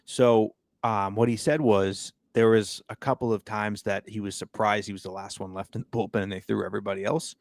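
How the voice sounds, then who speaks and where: A man's voice: fairly low pitch, fairly even intonation, fairly quick, few pauses, no room sound. A man co-hosting a sports podcast, talking in a laid-back, wry way and reading quotes aloud. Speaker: podcast co-host. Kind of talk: casual sports chat.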